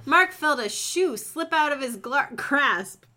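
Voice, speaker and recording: A woman reads fan fiction aloud with friends in a bright, sharp voice. She keeps breaking off to joke and laugh between the lines. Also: high-pitched, lively intonation, takes it slowly. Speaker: reader.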